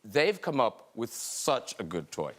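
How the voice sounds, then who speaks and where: A man's voice: mid-range voice, very animated, unhurried. A man hosting a talk show, chatting casually with an enthusiastic, giggly manner. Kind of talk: casual chat.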